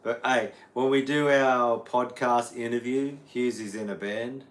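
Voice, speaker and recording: A man's voice: mid-range voice, fairly even intonation, a little slow. An Australian man, a guitar teacher, rambling casually on a livestream and answering viewers' chat. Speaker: guitar teacher streaming live.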